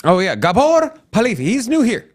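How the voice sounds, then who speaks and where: A man co-hosting a casual crypto livestream, loud and playful, with hype shout-out greetings. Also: high voice, wildly swooping pitch, brisk. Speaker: co-host.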